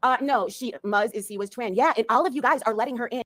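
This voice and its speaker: A woman's voice: fairly high pitch, fast, a bit bright, no echo. A woman delivering a furious, profanity-filled rant, threatening and angry.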